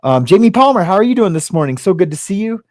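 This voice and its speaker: A man's voice: sits high, big pitch swings, fast, darkish tone, no echo. A man hosting a casual livestream, rambling and hesitant, with many ums as he greets viewers by name. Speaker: livestream host.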